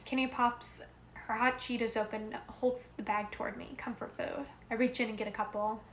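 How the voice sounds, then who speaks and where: A woman's voice: a little high, normal speed. Woman reading a novel in an echoey room. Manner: steady first-person narration, occasional self-corrections. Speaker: reader. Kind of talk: amateur audiobook reading of a novel. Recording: roomy echo with faint noise.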